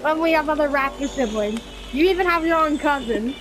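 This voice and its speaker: A young lab-born dino sister begs her dragon sibling not to harm the family, as a woman plays her in a game. The voice is high. She talks in a hurried, pleading way. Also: lightly acted. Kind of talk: in-game role-play.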